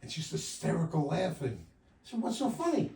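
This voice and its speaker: Older male stand-up comic, wry punchy delivery, lively pitch; roomy live sound from a distance. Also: brisk, creaky. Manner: wry, punchy delivery with loud jumps for quoted lines. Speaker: stand-up comedian. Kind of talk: stand-up comedy set. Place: comedy club stage.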